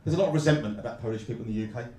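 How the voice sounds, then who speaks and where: A man from London with a Cockney accent, performing a stand-up comedy set with a deadpan, mock-glum delivery and punchlines he pushes up loud. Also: mid-range voice, very fast, distant mic. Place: comedy club stage. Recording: echoey club, heard from afar. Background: audience laughter.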